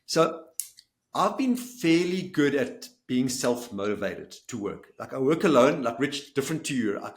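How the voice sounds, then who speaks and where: A man co-hosting a podcast, speaking earnestly and jumping quickly into a casual conversation. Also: mid-range voice, big pitch swings. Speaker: podcast co-host. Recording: roomy echo.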